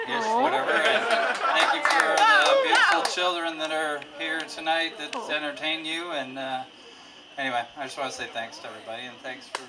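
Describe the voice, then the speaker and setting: A man in his fifties giving a halting, informal anniversary speech at a party, full of fillers. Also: mid-range voice, far from the mic, heavy background noise. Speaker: father celebrating his anniversary.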